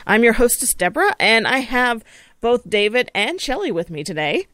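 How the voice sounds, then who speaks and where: A woman's voice: fairly high pitch, big pitch swings, normal speed, fairly bright tone, no echo. Chatty woman podcast host, dry close mic. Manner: chatty, many fillers and restarts. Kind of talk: casual podcast chat.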